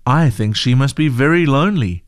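A man voicing a gentle, patient churchgoing mother in a storybook reading, calm and encouraging. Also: mid-range voice, moderate pace, lightly acted.

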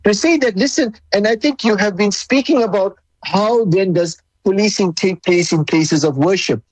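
A government official giving a formal interview answer, talking deliberately and emphatically with frequent restarts. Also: medium pitch, husky, no echo, poor audio.

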